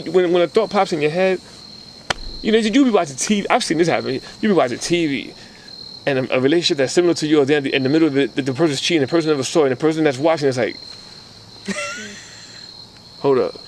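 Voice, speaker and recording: A man co-hosting a casual relationship podcast, talking in a slightly high voice. He tells stories with energy and slips into other people's voices as he quotes them. Faint crickets chirp in the background. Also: fast, a little hiss or hum, poor audio. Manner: animated storyteller acting out quoted voices. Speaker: podcast co-host. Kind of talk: casual chat.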